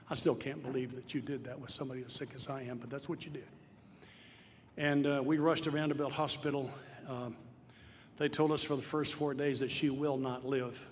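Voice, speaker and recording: An older man from Tennessee telling his recovery story to a gathered audience, earnest and plain-spoken, swelling into loud emphatic lines. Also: medium pitch, steady tone, brisk. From Nashville, Tennessee. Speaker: speaker at a recovery meeting. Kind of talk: personal testimony talk. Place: large hall before an audience. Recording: live hall with long reverb, faint noise.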